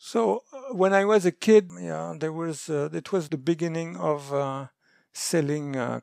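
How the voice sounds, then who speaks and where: A man's voice: medium pitch, creaky, darkish tone, no echo, studio quality. A middle-aged man from France, guest on a remote interview, talking hesitantly with many fillers and restarts. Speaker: guest researcher. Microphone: remote call mic.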